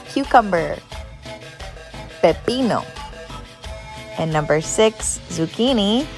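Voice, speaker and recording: An encouraging woman quizzes viewers on words, her pitch moving a lot as she speaks slowly. Faint music plays underneath. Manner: upbeat, encouraging quizmaster. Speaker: Spanish teacher. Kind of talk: quiz-style vocabulary lesson.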